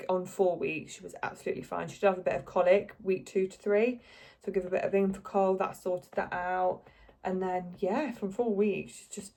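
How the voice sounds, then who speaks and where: Young woman, lowish voice, casual vlog storytelling, chatty and heartfelt. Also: vocal fry, mellow. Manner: chatty, lots of likes and ums, emotional. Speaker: vlogger.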